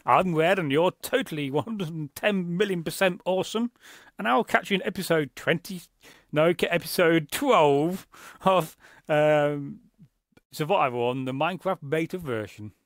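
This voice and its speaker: Gaming host, slightly high voice, dry close sound, cheeky chatter over play. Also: male voice, normal speed, fairly bright tone, dry recording. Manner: chatty, jokey running commentary. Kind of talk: casual gameplay commentary.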